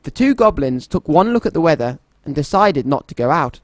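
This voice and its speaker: Gentle man reading a children's story. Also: on the high side, sing-song, brisk, no room sound.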